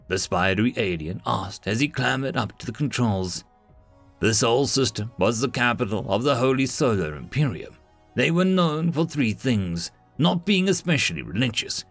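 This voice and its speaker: A man reading a comedic story with wry, dry timing. His voice carries a gravelly grain and moves up and down freely. The mic is close and dry, with faint music beneath. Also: medium pitch, big pitch swings, normal speed, fairly bright tone, dry recording. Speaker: story narrator. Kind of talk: scripted narration.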